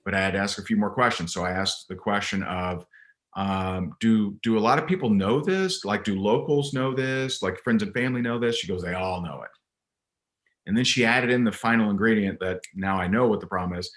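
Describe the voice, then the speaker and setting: Man, low voice, business coach, interview guest, emphatic storytelling, frequent restarts. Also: fairly quick, a bit bright. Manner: emphatic, repeats words when restarting a thought.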